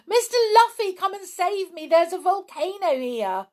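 A woman voicing an excitable, easily frightened young girl who cries out high and breathless. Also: takes it slowly, gravelly, heavily acted. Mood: panicked.

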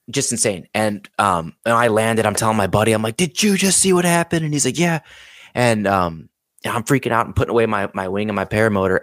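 A man with a fairly low voice tells a story in a casual, animated way. He acts out his own remarks and other people's replies as he goes. The sound is dry and close. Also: no room sound. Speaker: podcast guest, pilot and video creator.

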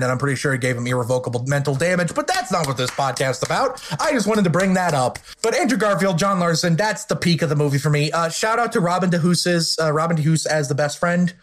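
A man with a somewhat high voice hosts a loose podcast chat about a film. He gushes with enthusiasm and slips in self-mocking jokes as he goes. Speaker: podcast host. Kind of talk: casual podcast film discussion.

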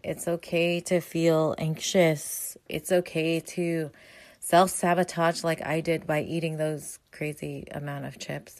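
A woman's voice: sits low, no room sound. A woman in her thirties talking casually and earnestly, rambling a little as she encourages her listeners. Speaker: podcast host. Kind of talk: casual motivational talk.

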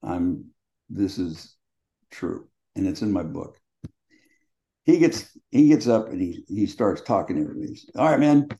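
A former quarterback in his seventies, appearing as an interview guest, tells colorful, salty, profane anecdotes and laughs through them in casual conversation. His warm, low voice is very animated, moving at normal speed with long pauses, and the recording sounds dull and lo-fi.

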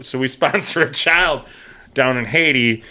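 A man's voice: mid-range voice, unhurried, bright, forceful tone. A man in his thirties telling a funny story in casual chat, swearing freely and acting out the voices of the people in it. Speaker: podcast co-host telling a story.

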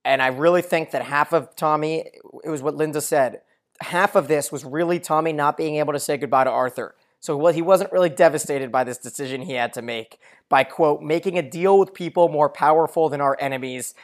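A man's voice: on the high side, fairly quick. Male recap podcaster, casual chat, thorough plot summaries, hesitant fillers. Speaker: podcast co-host.

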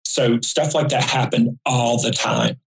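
A man, chatting as a guest and telling homespun anecdotes in a relaxed, vivid way. His voice sits at an ordinary middle pitch for a man. His delivery is plainspoken and easy. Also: a little slow, rough recording. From rural North Carolina. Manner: folksy, vivid anecdotal storyteller. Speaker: guest psychic. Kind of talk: casual storytelling.

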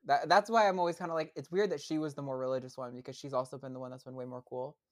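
A woman's voice: a bass voice, fairly even intonation, rapid-fire. A young adult woman, a podcast guest, chatting casually with lots of fillers and restarts. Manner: hesitant, many fillers and restarts. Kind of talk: casual interview chat.

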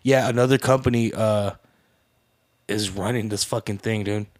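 A father of Mexican heritage co-hosts a podcast, speaking in a lowish voice at normal speed in casual chat. He swears freely and tacks "bro" onto every phrase. He's an animated storyteller who acts out voices with laughter.

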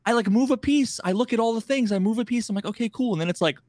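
A man co-hosting a podcast, telling stories in an animated, exasperated way with some swearing. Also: extremely high pitch, fast talker, no room sound, clean studio sound. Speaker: podcast co-host. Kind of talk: casual chat.

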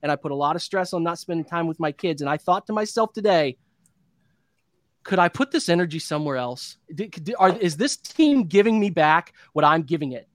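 A man's voice: on the high side, lively intonation, brisk, no room sound, clean studio sound. A man in his thirties hosting a postgame sports show, venting in an impassioned, repetitive rant. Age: 30s. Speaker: podcast host.

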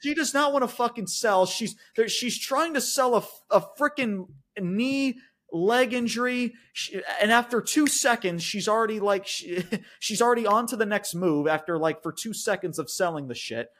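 A man's voice: sits high, normal speed, fairly bright tone. A man co-hosting a wrestling podcast, ranting in casual, profane chat, with lots of "like" and restarts. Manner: frequent fillers and restarts like "like".

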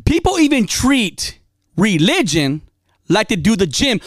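A woman's voice: medium pitch, big pitch swings, unhurried, no echo. A woman giving a casual motivational talk, emphatic and repetitive, dropping slang as she drives her points home.

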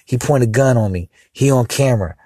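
A man talks in a loose, rambling monologue, getting heated and throwing in crude asides. His voice sits at an ordinary middle pitch. The sound is dry and close, with no room around it. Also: fairly quick, warm tone, no room sound. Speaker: podcast host. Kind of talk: casual monologue.

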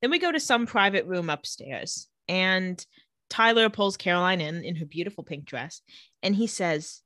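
A woman's voice: lowish voice, animated, pushed and bright, no room sound, studio quality. A woman co-hosting a podcast, casually recapping episodes and quoting characters as she goes. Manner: retells scenes quoting characters in quick voices. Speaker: podcast co-host recapping a show.

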